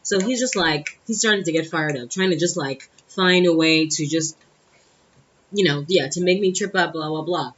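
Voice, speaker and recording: A young woman vlogger tells a personal story to camera in a casual storytime monologue, blunt, exasperated and profane. Her voice is low, slightly rough and a bit bright at normal speed, though the audio is dull.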